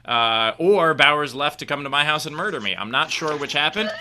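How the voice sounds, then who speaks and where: A man's voice: a little high, lively intonation, brisk, pushed and bright, slight background noise. A man hosting a live online comedy show, joking around and introducing the next comic with a lot of filler words. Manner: jokey, introduces acts with filler-heavy patter. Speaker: host.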